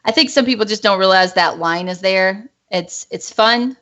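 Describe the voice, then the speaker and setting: A woman's voice: medium pitch, normal speed, a bit bright. A woman hosting a casual group livestream, chatty and rambling, often laughing between her words. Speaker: stream host. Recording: lo-fi voice call audio.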